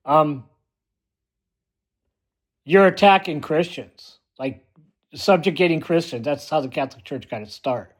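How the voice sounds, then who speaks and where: A man's voice: fairly high pitch, a little slow, pauses often. A man delivering a blunt, emphatic ranting monologue as a vlogger, often repeating himself for force.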